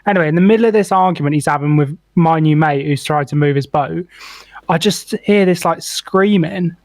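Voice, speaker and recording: Animated young man telling a story. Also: a little high, fairly quick, no room sound. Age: young adult. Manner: swears freely, animated anecdote with lots of "like". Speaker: podcast co-host. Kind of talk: casual storytelling chat.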